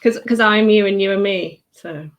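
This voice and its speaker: A woman hosts a podcast interview in a mid-range voice. She affirms her guest warmly and asks questions. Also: mid-range voice, moderate pace. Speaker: podcast host.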